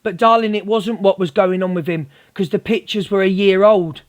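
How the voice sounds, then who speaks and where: High-voiced man ranting on a livestream. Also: steady tone, normal speed. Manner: confrontational, repeatedly says "darling". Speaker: livestream host. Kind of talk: heated livestream rant.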